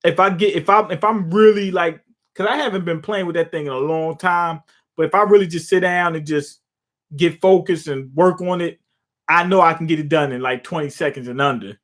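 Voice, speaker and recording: A young man livestreams his reaction to a comic chapter, retelling the scenes loosely with swearing, jokes and laughter. His voice is fairly high and fairly bright, and he talks a little fast. He's a manga reaction streamer.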